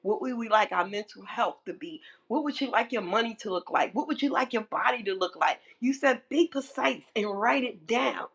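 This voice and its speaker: Excitable woman giving a fired-up testimonial. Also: a little fast, hardly any pauses, husky, highs cut off. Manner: excitable, laughing, swings high when fired up. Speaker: guest speaker, coach. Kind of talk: emotional testimonial.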